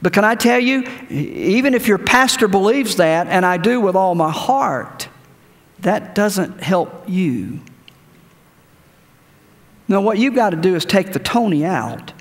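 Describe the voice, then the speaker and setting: A man's voice: high-pitched, lively intonation, a little slow. A man preaching a sermon as pastor, telling a story and leading the congregation in prayer. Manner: conversational preaching with anecdotes, ends in prayer. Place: church sanctuary. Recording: church hall reverb.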